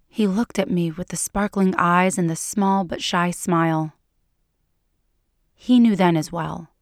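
Woman reader, lowish voice, soft and hushed, dry close sound. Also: no echo. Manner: soft, hushed and unhurried, dropping to whispers. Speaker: audiobook reader. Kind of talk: intimate fiction reading.

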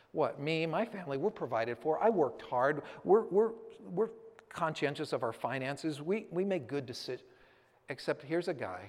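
A man in his thirties telling a personal story to a church audience, acting out the scene vividly and then turning earnest and reflective. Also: mid-range voice. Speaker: speaker addressing a church audience. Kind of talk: personal story told from a stage. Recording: long hall reverb.

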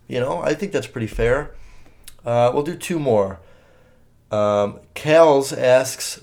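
Young man, podcast host, casual solo chat, rambling, profane, lots of fillers, middling pitch. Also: takes it slowly, vocal fry, darkish tone. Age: young adult.

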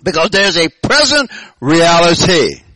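A man preaching a sermon to his congregation, emphatic, dropping to low murmurs and rising to shouted declarations, asking the room call-and-response questions. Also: big pitch swings, measured pace, no room sound, rough recording. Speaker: pastor.

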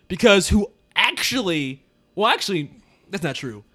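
The podcast host here is very animated, with a high-sitting, somewhat bright voice at a moderate pace. He chats informally about a movie, laughing a lot and talking loosely.

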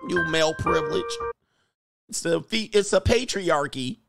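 A man's voice: fairly high pitch, a little slow, vocal fry, over music. A man commentating on videos in a mocking, casual way, chuckling as he goes. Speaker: YouTube commentator.

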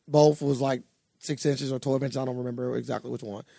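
A young man co-hosting a podcast, telling a story in a casual, animated way and swearing freely. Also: mid-range voice, a little fast, creaky, dry recording, clean studio sound. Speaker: podcast co-host. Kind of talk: casual chat.

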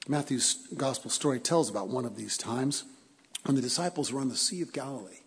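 A middle-aged man preaching a sermon, telling stories in a conversational way, repeating words as he goes and swinging from loud to quiet. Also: medium pitch, fairly quick, slightly rough. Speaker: pastor. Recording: long hall reverb.

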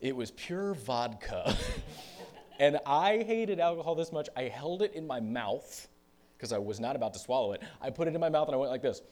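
A male pastor preaching a sermon in a storytelling manner, dropping to hushed confessional tones and then rising into loud, animated bursts. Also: medium pitch, moderate pace.

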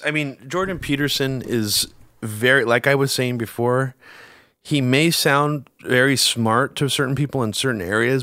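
A man co-hosting a casual political talk show, rambling and swearing, his voice jumping up in pitch when he gets worked up. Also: a bit bright, no room sound, studio quality. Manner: rambling, swears, many fillers and restarts, pitch jumps up when agitated. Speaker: podcast co-host.

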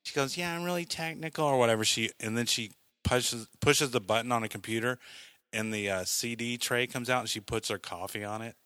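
A man's voice: medium pitch, steady tone, fairly quick, sharp tone, no room sound. A man co-hosting a podcast, telling rambling stories with plenty of fillers and laughs. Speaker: podcast co-host. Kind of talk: casual banter.

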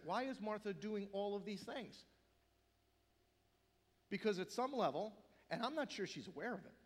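A man delivers a sermon as pastor, his voice sitting fairly high for a man. He builds to loud, emphatic peaks and then sinks into hushed, near-whispered quotes. The sound rings with the long reverb of a large sanctuary.

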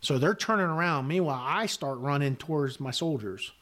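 A man's voice: a little high, expressive, brisk, fairly bright tone. Blunt man telling a war story. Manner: vivid, blunt storytelling with swearing and frequent "uh" fillers. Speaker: podcast guest, retired Army sergeant major. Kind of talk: recounting a combat story in conversation.

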